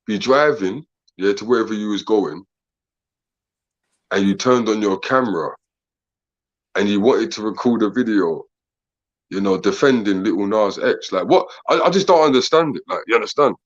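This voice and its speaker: A man, co-hosting a casual podcast chat. He talks in an animated way, fires off questions, laughs often and keeps saying "bro" and "man". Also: fairly low pitch, normal speed, pauses often, muffled recording. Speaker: podcast co-host.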